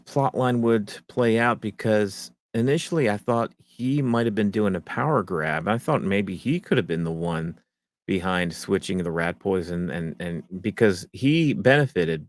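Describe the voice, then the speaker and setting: A man co-hosting a podcast in casual chat, rambling and acting out quotes in a lowered voice. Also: lively intonation, unhurried. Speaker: podcast co-host.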